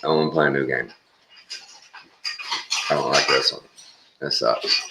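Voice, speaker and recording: A man's voice: very deep voice, steady tone, unhurried, creaky, noisy background. An older man from Texas with a Texan drawl, rambling folksy and chuckling through a casual morning vlog. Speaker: vlogger.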